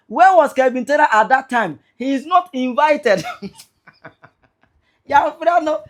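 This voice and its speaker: Ghanaian woman, online commentator, excitable and mocking, very expressive delivery. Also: high voice, unhurried, pauses often. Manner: excitable, teasing, reads out viewer comments. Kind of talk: animated commentary vlog.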